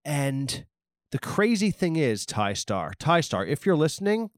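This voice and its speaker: A man's voice: a little high, very animated, a little slow, dry recording, studio quality. Profane rambling male podcast host. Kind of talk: rambling comedic monologue.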